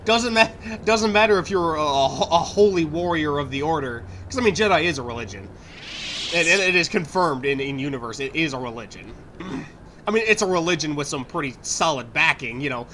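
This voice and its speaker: A man's voice: fairly high pitch, expressive, a little fast, sharp tone, a little hiss or hum. Rambling, swearing young gamer man. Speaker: let's play gamer. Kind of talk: casual gameplay commentary.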